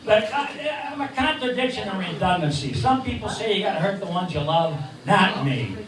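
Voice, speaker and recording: A man's voice: high-pitched, very animated, normal speed, background noise. A man in his sixties from Cleveland doing stand-up comedy and a ventriloquist act, jokey with rambling punchlines. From Cleveland, Ohio. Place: neighborhood bar stage. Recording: echoey bar, distant mic, crowd.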